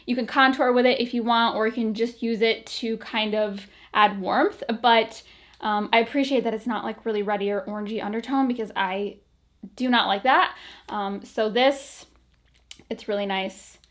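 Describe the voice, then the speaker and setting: A woman's voice: fairly high pitch, fairly even intonation, moderate pace, a bit bright. A woman vlogging casually about beauty products, chatty and full of fillers, a little out of breath. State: a bit out of breath.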